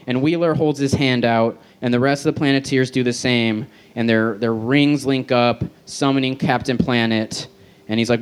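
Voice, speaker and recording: A man's voice: mid-range voice, moderate pace. Man reading crude fan fiction on stage. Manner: deadpan reading with self-aware asides and laughs. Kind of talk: live stand-up reading. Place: outdoor festival stage.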